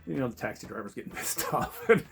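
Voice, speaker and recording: A man spins a wild travel story at a fast clip, swearing freely and laughing between his lines. His voice sits at an ordinary middle pitch, and he tells it loosely and casually. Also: creaky. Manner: profane, laughing, animated. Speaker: travel vlogger.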